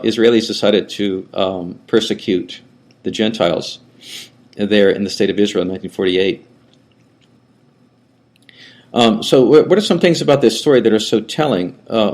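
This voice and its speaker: A man's voice: fairly low pitch, a little mellow. An older man who is a priest, giving a conversational lecture that rambles, with frequent restarts and asides. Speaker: Orthodox priest teaching a class.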